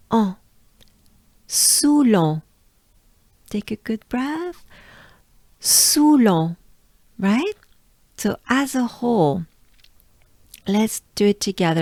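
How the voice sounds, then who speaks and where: A French-accented woman from France giving a pronunciation lesson, drawing out and repeating sounds slowly. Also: mid-range voice, gravelly, darkish tone, no echo, studio quality. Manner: slow, drawn-out repetition of sounds. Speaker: pronunciation coach.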